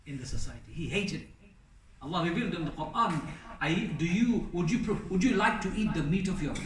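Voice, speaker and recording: A man's voice: fairly high pitch, a bit bright. A man preaching a sermon in a mosque, earnest and emphatic, stacking phrases into lists and sprinkling in Arabic blessings. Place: mosque hall. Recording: roomy mosque hall, distant mic.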